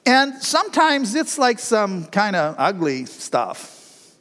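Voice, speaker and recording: A middle-aged male pastor preaching with a high, lively voice that swoops up and down. He talks in a folksy, animated way and laughs between his lines. The sound carries a long hall reverb. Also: slow. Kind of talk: sermon.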